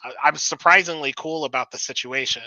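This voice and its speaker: A man's voice: a little high, a little fast, pushed and bright, dry recording, highs cut off. A man telling a story on a podcast as a guest musician, rambling, laughing and swearing as he goes.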